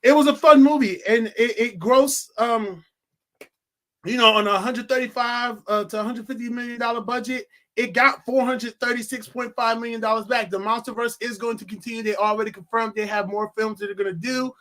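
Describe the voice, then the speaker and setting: High-voiced man ranting about a movie. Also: a little fast. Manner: animated, swearing, laughing often. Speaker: film reviewer. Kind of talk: casual movie review vlog.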